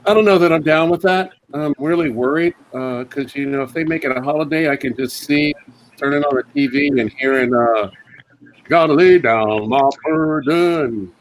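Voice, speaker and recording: A man doing a casual stand-up set at a comedy round table, with many fillers and sudden high put-on voices for his bits. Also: brisk, rough recording.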